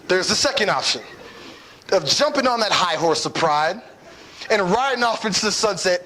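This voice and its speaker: Animated young man telling a story. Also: fairly high pitch, normal speed, slight background noise, rough recording. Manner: animated and playful, acts out his own lines, often asks "right?". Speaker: speaker telling a personal lesson. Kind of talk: storytelling talk to an audience.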